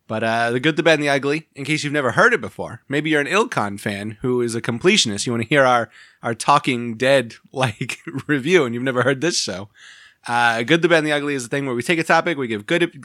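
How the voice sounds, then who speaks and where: A man's voice: mid-range voice, pushed and bright, no room sound, studio quality. A man co-hosting a podcast, talking in a loose, rambling way and laughing at his own stories. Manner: laughs often, rambling and self-amused. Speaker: podcast co-host. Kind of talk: casual podcast chat.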